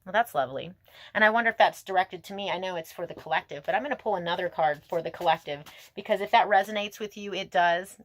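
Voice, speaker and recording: A woman reads tarot cards to a phone camera outdoors, musing aloud and talking to herself. She gushes and sounds emotional, and her voice sits a little low. The sound is dry and close, with no room echo. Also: fast. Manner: gushing, emotional, talks to herself, frequent laughs. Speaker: tarot reader. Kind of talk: casual tarot reading to camera.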